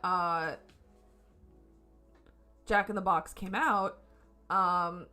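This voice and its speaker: A woman's voice: mid-range voice, a bit bright. A woman streaming from home, reviewing a concert in a casual, gushing way and swearing freely. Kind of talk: casual excited review chat. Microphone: camera setup at home.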